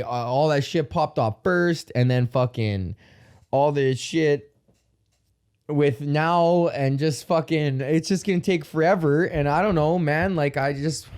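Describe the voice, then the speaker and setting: Profane rambling young man, higher voice. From Alberta, Canada. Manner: profane, rambling storytelling with loud yelps acting out pain. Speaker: podcast host. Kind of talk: casual comedic rant.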